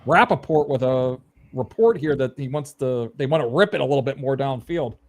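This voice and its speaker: A man co-hosting a casual sports podcast, chiming in with quick opinions and frequent laughs. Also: medium pitch, animated, darkish tone. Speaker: podcast co-host. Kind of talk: casual chat.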